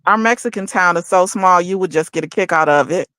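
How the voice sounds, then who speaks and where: A woman from Detroit in casual kitchen-table chat, telling relaxed, chatty stories. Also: lowish voice, brisk, dry recording. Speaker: co-host.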